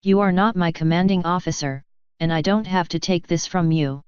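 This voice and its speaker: A woman's voice: fairly low pitch, moderate pace, a little mellow, clear, resonant tone, no echo, lightly acted. A woman voicing an arrogant, dismissive stallion sergeant with a sneering manner. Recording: dry, slightly muffled.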